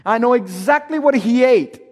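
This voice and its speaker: A man telling a personal story with drama. He acts out dialogue and drops to hushed tones at tense moments. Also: very high-pitched, lively intonation, normal speed, big-room sound.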